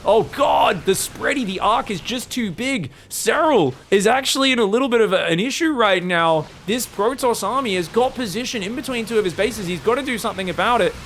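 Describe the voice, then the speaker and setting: Excitable young male esports caster. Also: high-pitched, brisk, hardly any pauses, slight background noise. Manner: excitable, jokey, rises to shouts in fights. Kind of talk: live game commentary.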